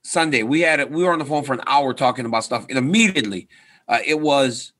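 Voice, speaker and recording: Earnest man with a bright voice. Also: medium pitch, fast talker. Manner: earnest, repeats "right?" for emphasis. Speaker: retired fighter and coach, guest. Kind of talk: casual interview talk.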